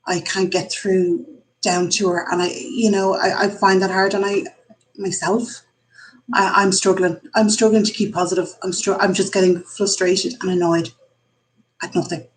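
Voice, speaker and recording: A woman's voice: medium pitch, flat delivery, unhurried, rough recording. An Irish woman in her forties hosting a casual live stream from her kitchen, candid and chatty as she thinks aloud. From Ireland. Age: 40s. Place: home kitchen. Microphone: computer mic.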